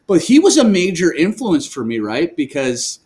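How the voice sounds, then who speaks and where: A man speaking as a guest in a remote video call interview, telling a personal story with lively energy, frequent laughs and restarts. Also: a little high, moderate pace. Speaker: guest, worship leader. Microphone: video call microphone.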